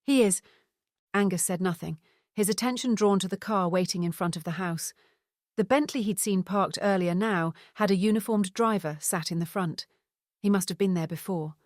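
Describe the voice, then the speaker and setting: A woman reading an audiobook novel in a steady, even narration. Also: on the low side, brisk, no echo, studio quality.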